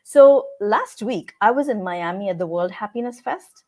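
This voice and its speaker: A woman's voice: medium pitch, expressive, moderate pace, dark tone. A woman hosting a podcast who affirms her guest and tells personal stories in conversation. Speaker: podcast host.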